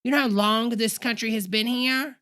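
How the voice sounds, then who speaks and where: A woman voices a brassy, profane church-lady character in a comedic livestream rant. She rambles and curses, calling her viewers honey. Her voice rings bright and forceful. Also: a little high, steady tone, moderate pace. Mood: outraged. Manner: profane, rambling ranting, calls listeners honey. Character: foul-mouthed, sassy female church-leader character, middle-aged.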